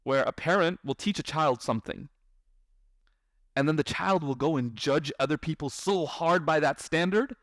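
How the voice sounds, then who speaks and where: A man who is a parent gives a lively lecture, often asking his audience questions and acting out parents and children. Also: fairly high pitch, moderate pace, no room sound, clean studio sound. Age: adult parent. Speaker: Islamic speaker.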